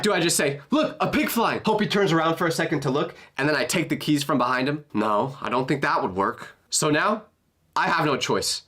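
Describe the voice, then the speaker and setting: A young adult man narrating a comedic storytime in an animated, expressive, jokey way. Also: on the high side.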